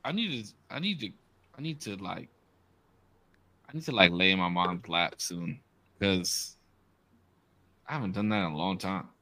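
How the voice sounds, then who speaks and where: A man's voice: low-pitched, expressive, moderate pace, long pauses, pushed and bright. A man co-hosting a podcast in casual chat, joking and teasing bluntly. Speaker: podcast co-host.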